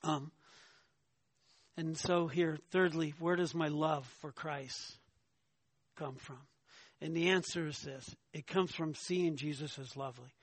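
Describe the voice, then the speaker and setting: A man delivering a sermon in a fairly high voice, emphatic and insistent. He keeps checking in with the congregation and climbs in pitch as he presses a point. The sound is dry and close, with no room echo. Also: fairly even intonation, measured pace, long pauses. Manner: emphatic preaching, asks "right?" often, rises in pitch when arguing. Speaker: pastor.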